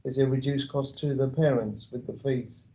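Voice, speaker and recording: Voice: mid-range voice, steady tone, moderate pace, mellow, muffled recording, a little hiss or hum. A councillor asking brief, friendly questions at a committee meeting.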